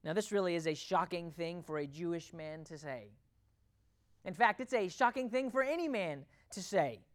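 A preacher addressing a congregation in a sermon, voice sitting in a middle pitch. The delivery is emphatic, full of rhetorical questions, dropping to near-hushed lines and rising again. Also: lively intonation, normal speed. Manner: emphatic, rhetorical questions, swings between loud and quiet. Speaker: pastor.

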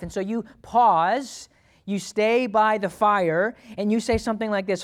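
A man's voice: sits high, fairly even intonation, moderate pace. A man, a pastor, preaching a sermon in a conversational way, asking the congregation questions and acting out thoughts and prayers aloud.

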